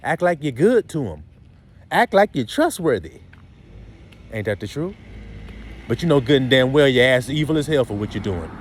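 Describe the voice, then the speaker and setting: A man delivers a blunt, profane sermon, firing question after question at his listeners. His pitch leaps high and drops low as he builds each point. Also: very animated, moderate pace, long pauses, a little hiss or hum. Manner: blunt, profane street preaching with rhetorical questions. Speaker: preacher.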